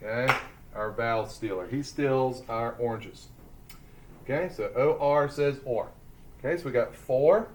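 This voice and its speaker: A man teaching a lesson to young children, speaking slowly and deliberately as he sounds out letters and syllables. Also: medium pitch, a little mellow, slight background noise.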